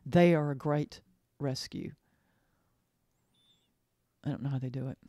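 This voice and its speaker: Warm in tone and bass-deep, this woman hosts a podcast in an earnest, emotional monologue delivered casually. Her speech is halting, looping back on phrases and restarting after trailing off, recorded at studio quality with no echo.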